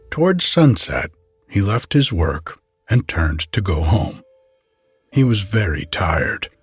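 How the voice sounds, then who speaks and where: A man reads a folk tale aloud at a very slow, unhurried pace. His voice is somewhat low and distinctly husky, and it is recorded dry and close. Soft music plays faintly beneath him. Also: no echo. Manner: measured, unhurried. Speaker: storyteller. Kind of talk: storybook reading.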